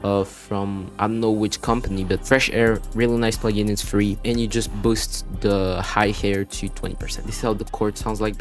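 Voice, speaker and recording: A man with a French accent giving a casual, rambling music production tutorial over his screen, full of "you wanna" and "you know". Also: on the low side. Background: beat playback between explanations.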